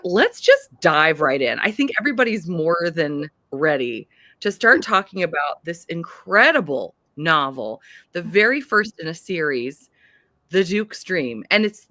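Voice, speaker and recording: A woman's voice: lowish voice, a bit bright, dry recording. Bubbly American woman hosting a live show. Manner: bubbly, gushing, exclamatory. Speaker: host. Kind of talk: live-stream author interview.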